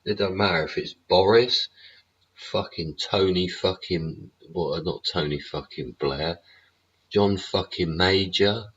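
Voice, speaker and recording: Brief: British male stream host, extremely low husky voice, blunt sweary political rant, lo-fi dull audio. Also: takes it slowly. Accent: British English. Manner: blunt, profane, rhetorical tags. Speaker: livestream host.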